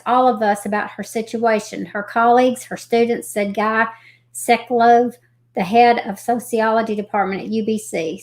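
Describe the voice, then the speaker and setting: A woman hosting a live stream, reading missing persons reports aloud haltingly, with folksy chatty asides. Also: a little high. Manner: reads haltingly, stumbling over names and restarting.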